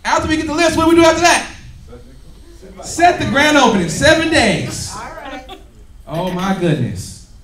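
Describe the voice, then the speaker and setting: Energetic man training a crowd. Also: extremely high pitch, normal speed, pauses often, far from the mic. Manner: energetic, laughing, call-and-response with audience. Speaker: business trainer. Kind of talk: motivational training talk. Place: meeting room with audience. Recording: echoey room, recorded from afar.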